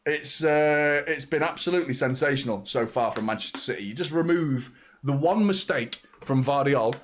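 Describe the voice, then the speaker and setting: A man hosting a live football watchalong. He reacts excitably to the play, swears freely and chats with viewers' messages. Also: mid-range voice, normal speed. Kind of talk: live match watchalong commentary.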